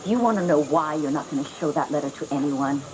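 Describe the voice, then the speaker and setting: A woman's voice: low voice, quick pace, close to an everyday voice, poor audio. An actress playing a cold, scheming rich woman who talks down to others with cutting condescension, in TV soap opera style. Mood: menacing. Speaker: scheming villainess. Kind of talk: 1990s TV soap opera acting. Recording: TV audio with music underneath.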